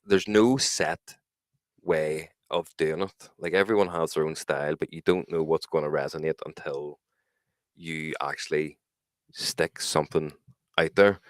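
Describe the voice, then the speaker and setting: A man's voice: a bass voice, no room sound, clean studio sound. A young man with a Northern Irish accent, co-hosting a podcast, joking and swearing through his stories. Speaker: co-host. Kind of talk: casual podcast banter.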